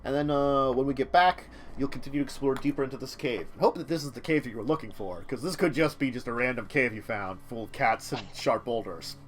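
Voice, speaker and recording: A man's voice: medium pitch, quick pace, a little hiss or hum. A man running a tabletop game as dungeon master, chatty and playful, laughing often.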